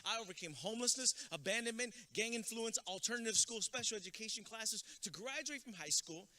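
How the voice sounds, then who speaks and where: A man giving a comedic, energetic graduation speech as a motivational speaker, dropping in Spanish words. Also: high voice, a little fast. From Texas. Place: outdoor graduation ceremony with stands.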